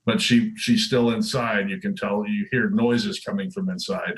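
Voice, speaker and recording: A man's voice: on the low side, fairly even intonation, normal speed, rough recording. A man narrating as game master of a tabletop game, easygoing and chuckling between descriptions.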